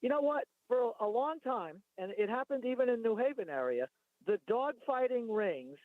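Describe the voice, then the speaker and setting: A man phones in to a talk radio show, rambling and arguing his points while reading from notes. His voice is very high-pitched and expressive, at a moderate pace, with no room sound. It comes through a tinny phone line.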